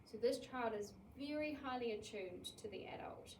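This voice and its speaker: A New woman with a fairly high voice gives an animated childcare talk, acting out everyday scenes. She sounds set back from the mic in an echoey room. A faint hiss sits under her voice. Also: moderate pace, distant mic. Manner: animated, acts out scenarios in quoted voices. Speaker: early childhood educator.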